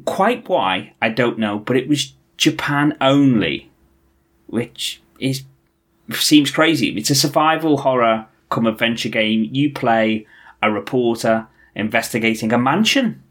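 A man's voice: mid-range voice, a little slow. A man co-hosting a podcast, chatting enthusiastically about retro games. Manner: enthusiastic, animated. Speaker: podcast co-host.

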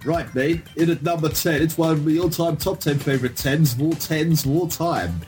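A man's voice: on the high side, normal speed, over music. A middle-aged man co-hosting a casual retro gaming podcast, self-deprecating and rambling with chuckles. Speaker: podcast co-host.

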